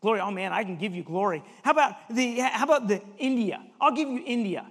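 A man acting out the devil as a smooth, persuasive tempter offering the world's kingdoms. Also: high voice, lively intonation, brisk, a bit bright, in a large hall, exaggerated voice. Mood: coaxing.

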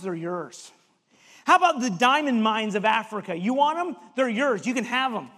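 A man acting out the devil as a smooth, persuasive tempter offering the world's kingdoms. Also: extremely high pitch, fairly bright tone, in a large hall, full character voice.

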